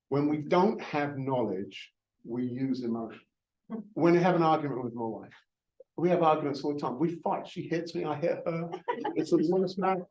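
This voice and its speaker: A man's voice: fairly high pitch, moderate pace, a little mellow, poor audio. A man in his fifties, a real estate broker giving a jokey, self-mocking training talk to a live audience, often restarting his words.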